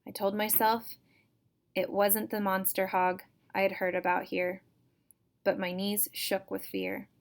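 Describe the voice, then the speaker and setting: A woman reads a first-person chapter book aloud for her students. Her delivery is steady and even, with a notably flat, narrow pitch. The sound is a plain home recording. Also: unhurried, vocal fry. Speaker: teacher reading to students.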